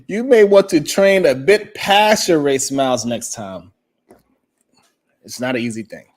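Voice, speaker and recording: A man hosting a morning talk show, telling a story in a casual, animated way and swearing freely. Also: a little high, slow, long pauses.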